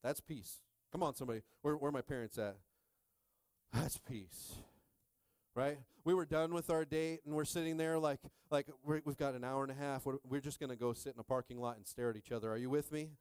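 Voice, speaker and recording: A man in his thirties preaching with lively, jokey energy, often jumping high in pitch as he acts out his own stories. The sound is dry and close. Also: brisk, clean tone, dry recording. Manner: animated, jokey preaching with call-and-response. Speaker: pastor. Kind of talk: sermon.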